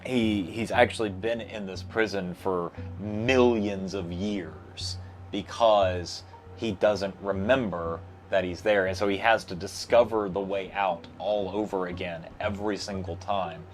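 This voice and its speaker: A man's voice: sits low, fairly even intonation, a little slow, soft background music. A man talking as a guest in a casual chat. He rambles and restarts often, with plenty of fillers. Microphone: lapel mic.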